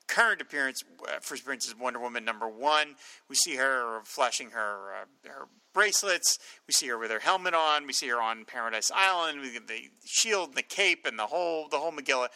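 Guy on a comics podcast, kinda high voice, lots of uhs, reads stuff out. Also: pushed and bright, dry recording, rough recording. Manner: halting, many fillers, reads entries aloud. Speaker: podcast co-host. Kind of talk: casual comics discussion.

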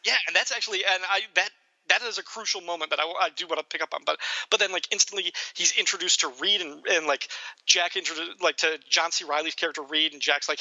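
Bright-voiced man chatting about a film. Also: on the high side, fast, dry recording, muffled recording. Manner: animated, laughs often, acts out quotes. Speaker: podcast co-host. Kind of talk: casual film discussion.

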